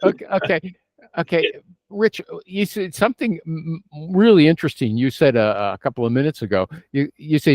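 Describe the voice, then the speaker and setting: A man's voice: a little high, moderate pace, no echo, studio quality. A man hosting an interview show, asking probing questions, checking in with "okay?" and teasing his guest. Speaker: show host. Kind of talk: casual interview chat.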